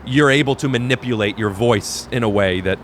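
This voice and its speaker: A man's voice: mid-range voice, brisk, a bit bright, slight background noise. A man hosting a podcast, talking earnestly in a rambling way with many restarts, outdoors on a balcony. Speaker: podcast host. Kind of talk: casual chat.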